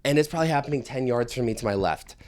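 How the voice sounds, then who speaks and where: A man in casual podcast chat, telling stories in a profane, animated way. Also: medium pitch, racing. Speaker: podcast co-talker.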